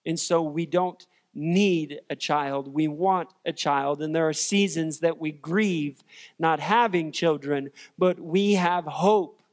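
A man preaching from the pulpit in an earnest, emphatic manner, leaning on repeated refrains. His voice sits a bit high and moves slowly and deliberately. It rings with a long hall reverb over faint music. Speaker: pastor. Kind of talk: sermon.

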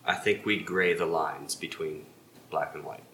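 A man's voice: extremely low pitch, fairly even intonation, measured pace, pushed and bright, slight background noise. A man teaching an evening Bible class, explaining earnestly and emphatically with rhetorical questions.

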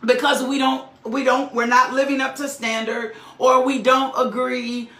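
A woman's voice: high voice, little pitch movement, unhurried, fairly bright tone, echoey room. A middle-aged woman preaching a sermon with fervor, often repeating lines for emphasis and checking in with "right?".

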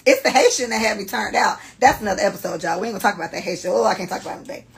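Gravelly, blunt woman podcast host. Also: mid-range voice, very fast, rough recording. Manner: blunt, profane, animated storyteller. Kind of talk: casual storytelling chat.

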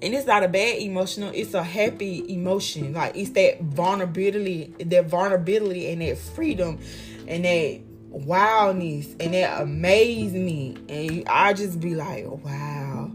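A woman's voice: lowish voice, normal speed, soft background music. A young woman giving life advice in a casual motivational monologue, heartfelt and emphatic, repeating lines for effect, with slangy, profane talk.

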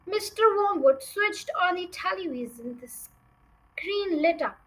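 A woman's voice: very high voice, lively intonation, slow, rough recording. A young woman reading a children's novel aloud as a storyteller, with chatty asides to her listeners.

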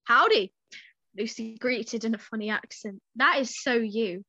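A woman's voice: fairly high pitch, steady tone, moderate pace, sharp tone, no room sound, dull audio. A young woman co-hosting a podcast, reading a story aloud casually and breaking off to giggle and joke.

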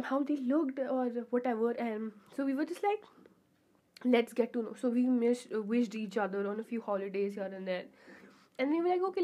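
A young woman talks through her podcast in a loose, rambling way, full of "uh"s, self-corrections and giggly asides. Her voice sits a little higher than most women's and has a clean, pure quality. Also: a little mellow. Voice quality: pure-sounding voice. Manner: rambling and chatty, with frequent fillers and giggly asides. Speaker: podcast host. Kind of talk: casual solo podcast chat.

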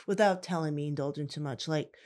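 Low-voiced, teasing woman co-host. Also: darkish tone. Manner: inquisitive, teasing, rapid questions. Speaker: podcast co-host. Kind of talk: casual chat.

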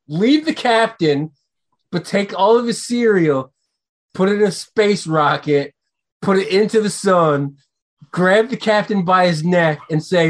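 A man co-hosting a podcast in casual chat, ranting with profanity and getting animated. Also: high-pitched, measured pace. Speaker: podcast co-host.

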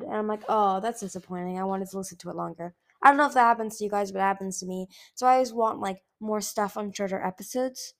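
Chatty woman reading a book aloud. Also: on the high side. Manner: chatty, rambling, many fillers. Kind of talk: casual chat and book reading.

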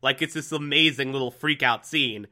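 A young man casually recapping a TV episode, animated and laughing often, acting out the characters' lines. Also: mid-range voice, moderate pace. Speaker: TV episode reviewer. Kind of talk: casual recap with acted-out quotes.

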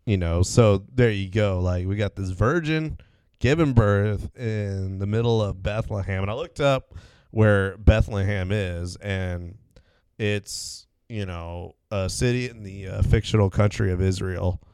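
A man's voice: fairly low pitch, unhurried, a little mellow, clear, resonant tone, dry recording. A man co-hosting a crude comedy podcast, rambling and laughing, with lots of fillers. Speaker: podcast co-host. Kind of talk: crude casual comedy chat.

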